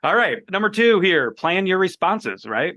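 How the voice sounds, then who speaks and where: A man's voice: sits high, sing-song, moderate pace, sharp tone, no echo. A man co-hosting a casual podcast chat, blunt and profane, laughing often. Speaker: podcast co-host.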